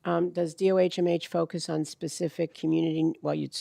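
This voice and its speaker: A woman's voice: sits low, level tone, fairly quick, vocal fry, dark tone, dry recording. A woman chairing a council hearing, asking questions in a conversational way and thinking aloud.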